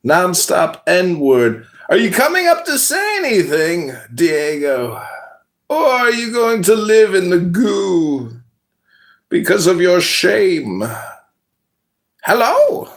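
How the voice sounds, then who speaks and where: A man's voice: sits high, big pitch swings, takes it slowly, creaky. Theatrical, sing-song man. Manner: dramatic, sing-song, teasing. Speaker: chat room speaker. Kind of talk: theatrical commentary in an online audio room.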